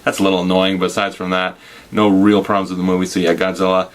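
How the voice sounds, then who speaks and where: A man with a very low, deep voice talks through a casual spoiler movie review. He is gushing and enthusiastic, rambling loosely and restarting his sentences as he goes. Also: flat delivery, quick pace. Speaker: film reviewer.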